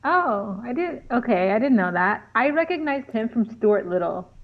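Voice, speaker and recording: A young woman co-hosting a casual podcast about a movie, expressive with dramatic reactions and laughter. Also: a little high, normal speed, phone-quality sound. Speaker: podcast co-host. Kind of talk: casual chat reviewing a movie.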